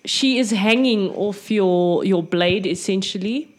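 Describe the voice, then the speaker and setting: Slow, calm woman game master. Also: mid-range voice. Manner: calm, measured, answers players' rule questions. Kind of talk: running a tabletop role-playing game.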